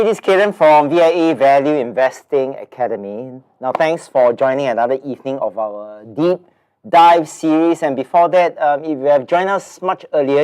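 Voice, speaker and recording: A man in his forties hosts a casual webinar, speaking Singaporean English in a nasal, blocked-nose voice that is fairly high, clear, and resonant. He rambles chattily with plenty of fillers and repeated words.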